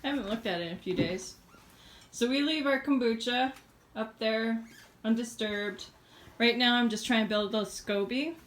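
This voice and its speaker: Chatty woman, slightly high voice. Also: moderate pace. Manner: chatty, laughs often, relaxed with fillers. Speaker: homesteading vlogger. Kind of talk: casual chat to camera. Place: home kitchen indoors.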